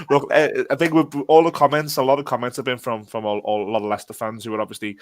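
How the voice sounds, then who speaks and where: A man's voice: medium pitch, level tone, fast, no echo. A man with a Scouse accent hosting a casual football podcast, chatty and self-deprecating with joking banter. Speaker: podcast host.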